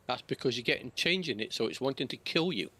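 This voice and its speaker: A man chats casually with his gaming friends, walking them through game details in a plain way. His voice is bright and forceful at a middle pitch. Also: expressive, a little fast, breathy edge. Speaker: friend on voice chat.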